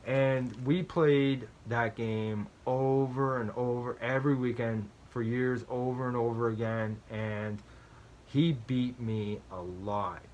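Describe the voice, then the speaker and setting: A man's voice: medium pitch, fairly even intonation, takes it slowly, a little mellow, slight background noise. A man hosting a strategy game channel, explaining play in a chatty, self-deprecating way with personal stories, often ending his points with "right?" and repeating phrases for emphasis.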